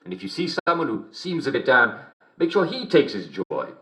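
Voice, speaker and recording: A man's voice: mid-range voice, very animated, brisk, sharp tone. An actor playing a jovial English radio show host in a game, chuckling constantly as he reads out jokes. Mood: cheerful. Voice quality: constant chuckling, theatrical cheer. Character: jovial radio show host, male middle-aged, relentlessly cheerful. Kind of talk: game character radio broadcast. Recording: game dialogue recording.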